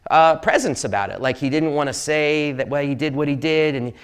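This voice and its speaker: A man's voice: fairly high pitch, fairly quick, clear, resonant tone. A man giving a casual storytelling talk to an audience in a university lecture hall, rambling and jokey, with plenty of fillers and restarts. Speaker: sportswriter giving a public talk.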